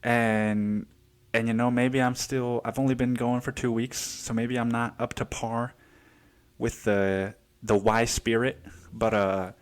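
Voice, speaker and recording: A man's voice: medium pitch, flat delivery, measured pace. A man hosting a casual solo podcast, profane and rambling, laughing often and out of breath as he talks. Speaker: podcast host.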